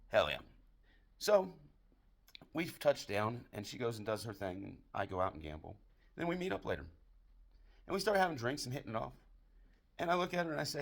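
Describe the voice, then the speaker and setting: Man, grof komisch verhaal, veel gevloek, schorre rasperige stem, levendig op en neer. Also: mid-range voice, brisk, pauses often. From United States. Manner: profane, deadpan delivery of dirty jokes. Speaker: barroom joke teller. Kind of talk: crude comedic storytelling monologue.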